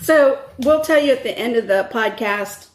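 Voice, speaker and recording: A woman's voice: on the high side, animated, normal speed. Sassy, teasing woman in an echoey room. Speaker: podcast co-host. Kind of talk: casual chat.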